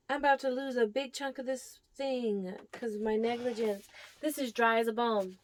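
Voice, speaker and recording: A woman's voice: fairly high pitch, unhurried, slight background noise. Chatty woman talking to her plants. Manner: drops to a near whisper at times. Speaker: plant vlogger. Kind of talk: casual plant tour vlog.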